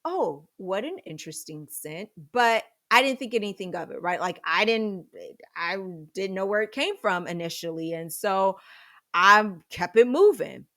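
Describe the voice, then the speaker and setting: A woman, likely in her thirties, telling a comedic personal story on a podcast in a dramatic, animated way with sudden loud bursts. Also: medium pitch, moderate pace.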